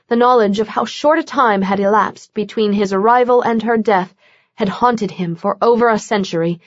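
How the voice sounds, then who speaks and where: A woman narrates a novel as an audiobook, reading the script in a measured, steady mid-range voice. The audio is dry with no room sound, but dull and lo-fi.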